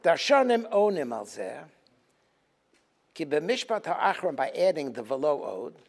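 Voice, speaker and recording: Animated rabbi teaching Talmud. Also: male voice, on the high side, a little slow, vocal fry, slightly rough. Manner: switches between Hebrew text and English explanation, animated and emphatic. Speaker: rabbi teaching a Tisha B'Av program. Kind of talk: Talmud lecture.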